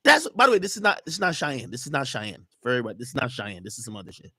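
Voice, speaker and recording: Animated man, dry close sound. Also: mid-range voice, very fast, husky, no echo. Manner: defensive, reading out messages. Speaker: podcaster. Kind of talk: clip of a man explaining messages to his audience.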